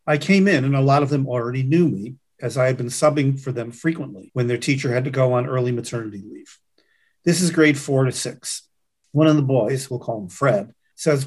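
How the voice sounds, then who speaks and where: A man's voice: mid-range voice, moderate pace, darkish tone. A man who teaches grades four to six, telling a story about his students in a casual chat. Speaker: teacher and co-host.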